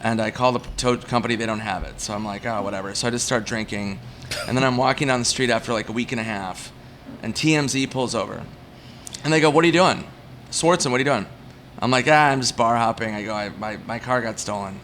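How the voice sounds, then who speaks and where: A man's voice: medium pitch, fairly bright tone, slight background noise. A man, a comedian guest, casually telling rambling, self-mocking stories at a bar and briefly acting out the people in them. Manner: rambling, self-mocking anecdotes with quick acted-out quotes.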